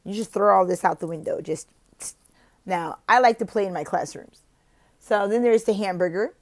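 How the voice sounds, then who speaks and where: A woman's voice: mid-range voice, moderate pace. Brief: woman, casual teaching vlog, playful, laughs a lot, acts out chants. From lives in Oklahoma, not from there. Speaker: online teacher and video host.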